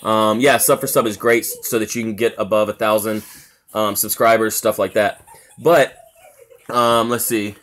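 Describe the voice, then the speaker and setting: Guy rambling on his live stream, lots of ums, reading chat out loud from home. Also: lowish voice, little pitch movement, normal speed. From South Carolina. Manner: rambling, heavy on filler words, reads out chat comments. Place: home, with family noise around.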